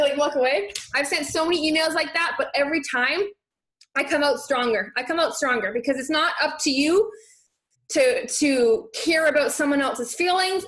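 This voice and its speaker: A young woman with a high voice leads a motivational live chat, warmly pushing her viewers to step out of their comfort zone. She sounds energetic and encouraging. The room is echoey. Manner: energetic, encouraging, reads viewer comments aloud. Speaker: live stream host coaching viewers.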